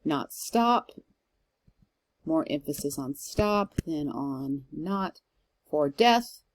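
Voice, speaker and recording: A literature teacher with a low, mellow voice gives a recorded lecture. She explains things step by step with a few fillers and reads verse aloud with heavy stress.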